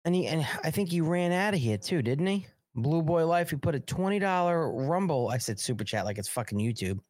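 Fairly high-pitched and a little mellow, this American live-stream host talks a bit fast with lively intonation. He reads news aloud, breaks off to chat and thank viewers, and rambles profanely in casual commentary. It's studio quality with no room sound.

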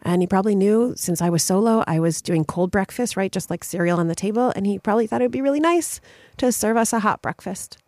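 A middle-aged woman hosting a podcast, telling a personal story in a candid, expressive way, her voice a little worn from a recent cold. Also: mid-range voice, fast, dry recording. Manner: candid and expressive, frequent "like" and "right?". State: recovering from a cold. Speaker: podcast host.

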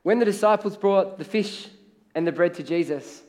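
A man's voice: high voice, normal speed, darkish tone, slight background noise. A middle-aged man preaching a sermon as pastor, in a conversational way, acting out the voices of the people he quotes.

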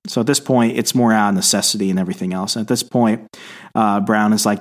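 A man's voice: lowish voice, fairly even intonation, quick pace. A man co-hosting a casual podcast, retelling comic book scenes and quoting the characters, with frequent fillers. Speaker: podcast co-host.

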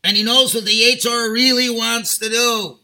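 Rabbi guy telling a parable in a sermon, animated, high bright voice. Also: normal speed. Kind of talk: sermon with storytelling.

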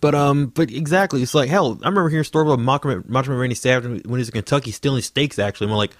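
A man's voice: mid-range voice, dry recording, clean studio sound. A man hosting a casual podcast, telling stories with plenty of swearing and fillers. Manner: fast, profane storytelling, lots of fillers. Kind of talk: casual chat.

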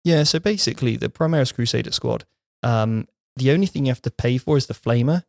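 A man's voice: medium pitch, a little fast, vocal fry, a little mellow, no room sound. A man co-hosting a casual gaming talk show, rambling through lists and correcting himself as he goes. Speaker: podcast co-host. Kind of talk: casual chat about tabletop gaming.

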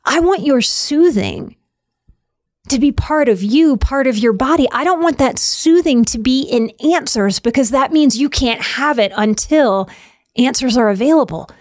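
A woman giving a self-help talk on anxiety, slow and soothing, repeating key phrases with emphasis. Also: sits high, animated, no room sound, studio quality.

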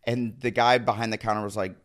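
A man from Nebraska with a slight Nebraska twang, telling funny stories as a podcast guest and jumping into loud, high character voices. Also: level tone, fast. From Nebraska, USA. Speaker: guest comedian. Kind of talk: casual comedic storytelling.

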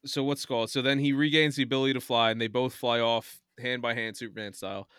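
A man casually retelling an animated film to friends, acting out the characters' lines with laughs and fillers. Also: medium pitch, fast talker, clean tone, no echo, studio quality. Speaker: podcast host retelling a film. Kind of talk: casual chat.

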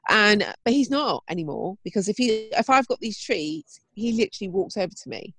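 A woman's voice: medium pitch, lively intonation, fairly quick. A woman co-hosting a podcast, chatting enthusiastically. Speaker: podcast co-host. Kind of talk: casual chat.

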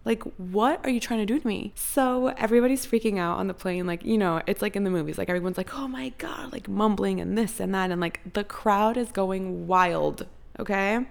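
A woman's voice: medium pitch, fairly even intonation, brisk, creaky. A young adult woman telling a chatty, dramatic story in a casual vlog and saying "like" a lot. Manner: chatty and dramatic, heavy use of "like".

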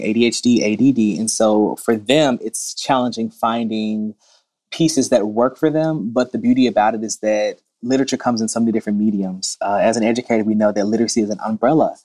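Male guest on an interview podcast: quick and lively, slips into voices when quoting others. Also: on the low side. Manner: animated, acts out kids' voices in quotes. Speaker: bookshop owner and former teacher.

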